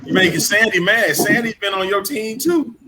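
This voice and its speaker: A man's voice: high voice, animated, moderate pace, background noise. A man co-hosting a casual wrestling talk show, often laughing, teasing his partner and hyping the topic. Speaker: podcast co-host.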